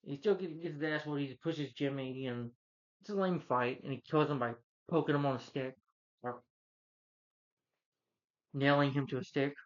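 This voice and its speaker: A man talking through a movie review in a loose, rambling rant, heavy on fillers, restarts and swearing. His voice sits at a middle pitch. The recording is a little dull and lo-fi. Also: normal speed, pauses often. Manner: rambling, casual and profane, with many fillers. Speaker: film reviewer.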